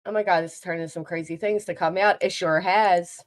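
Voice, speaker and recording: A woman's voice: on the low side, steady tone, a little fast. Sarcastic woman host reacting to clips. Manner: sarcastic, laughing asides, trailing restarts. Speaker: commentary channel host. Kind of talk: casual reaction commentary.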